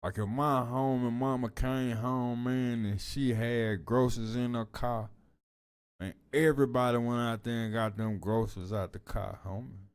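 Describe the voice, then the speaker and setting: A man giving casual reaction commentary in a slow, drawling way, full of street slang and frequent "man". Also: mid-range voice, steady tone, clean tone.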